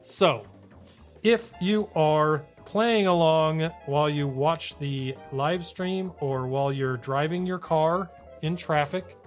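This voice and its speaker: A man's voice: on the high side, slow pace, soft background music. A man co-hosting a casual gaming podcast on a live stream, talking loosely and laughing often. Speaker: podcast co-host.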